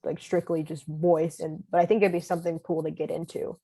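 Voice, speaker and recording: A young actress chatting in a relaxed, hesitant way as a podcast guest, using lots of fillers and laughing easily. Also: female voice, sits low, a little fast. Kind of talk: casual interview.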